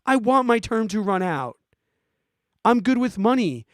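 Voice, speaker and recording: A forty-year-old man hosting a podcast, ranting in an animated, exasperated way and giving casual advice to listeners. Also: high voice, a little slow, no echo, clean studio sound. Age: 40s. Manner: animated, exasperated, emphatic, swears. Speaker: podcast host answering listener questions.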